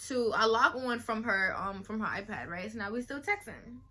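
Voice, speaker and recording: A young woman vlogger telling a casual storytime, animated and slangy, acting out the people she quotes. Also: on the high side, moderate pace.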